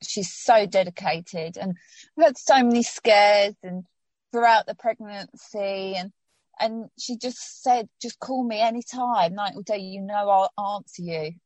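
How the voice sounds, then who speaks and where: A woman's voice: medium pitch, measured pace, a little mellow, dry recording. A woman recounts a personal story in an interview. She rambles and restarts, heartfelt and close to tears at times. The recording is dry and close. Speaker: patient telling her story.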